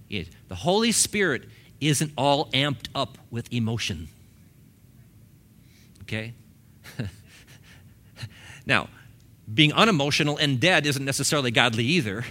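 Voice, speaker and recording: A pastor in his fifties preaches in a church sanctuary in a casual, conversational way, acting out little quoted exchanges. His medium-pitched voice has lively intonation and a sharp tone, moving at a normal speed with long pauses.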